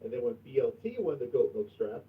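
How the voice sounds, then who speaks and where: A man hosting a livestream in casual chat, crude and profane, going from mumbling to loud outbursts. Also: mid-range voice, very animated, fast, far from the mic. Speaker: livestream host. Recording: tinny phone-like sound from off mic.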